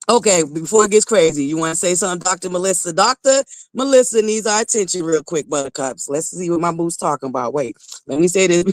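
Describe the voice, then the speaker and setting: A woman hosting a casual morning livestream, excitedly greeting viewers by name and chatting in a lively way. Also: on the low side, no echo. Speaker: host of a morning talk stream.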